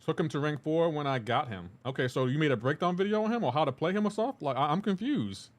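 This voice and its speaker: Guy streaming games live, kinda high voice that jumps around a lot, chatty and jokey, reads chat out loud. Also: lively intonation, quick pace. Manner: joking, teasing. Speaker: game streamer.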